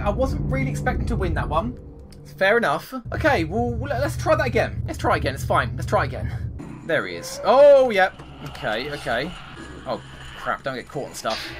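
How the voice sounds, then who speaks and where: A man giving live commentary over his own gameplay, thinking aloud and swearing at the game in exasperation. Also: sits high. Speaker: gaming commentator. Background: game music.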